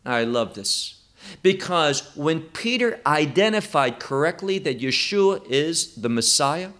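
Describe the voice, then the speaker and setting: A man teaching verse by verse through a Bible passage, emphatic and deliberate, with wide swings in pitch. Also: animated, a bit bright.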